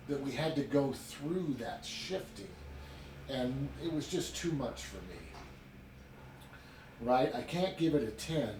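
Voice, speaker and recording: A man reviewing a book in a casual chat, retelling it in an animated way with chatty asides. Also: medium pitch, a little hiss or hum. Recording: roomy sound from a distant mic with faint ambience.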